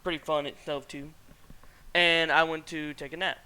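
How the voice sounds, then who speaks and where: A man's voice: a little high, flat delivery, normal speed, bright, forceful tone, clear, resonant tone. A man hosting a casual streamed podcast, telling a rambling story with frequent laughter. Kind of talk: casual chat.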